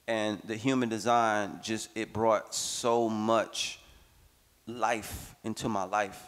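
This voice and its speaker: A man talking as a workshop speaker, giving an expressive personal testimony that swings between playful bursts and slow, reflective stretches. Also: fairly low pitch, in a large hall.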